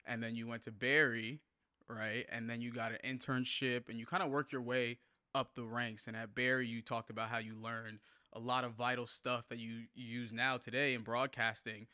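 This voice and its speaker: A man's voice: mid-range voice, little pitch movement, normal speed, pushed and bright, dry recording, studio quality. A man co-hosting a podcast who asks questions in a slangy, laid-back, enthusiastic way. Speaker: podcast co-host. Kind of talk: casual interview talk.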